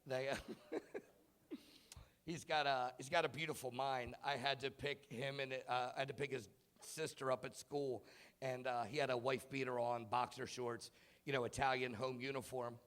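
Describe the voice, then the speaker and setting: A man in his thirties doing a stand-up comedy set in a club, telling self-mocking stories about his kids and bursting into shouted punchlines. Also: medium pitch, steady tone, moderate pace. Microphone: handheld stage mic.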